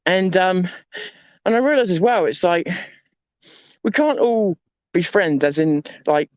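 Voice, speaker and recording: Male vlogger, high voice, rambling reflective monologue, candid and self-deprecating, dull lo-fi recording. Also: expressive, measured pace, dry recording. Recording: dull lo-fi dry sound.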